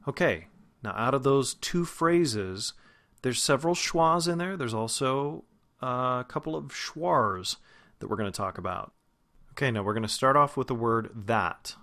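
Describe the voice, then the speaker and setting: A man who is a vocal coach, giving a pronunciation lesson and slowly demonstrating single sounds and words. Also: mid-range voice, expressive, pushed and bright. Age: adult, past grad school.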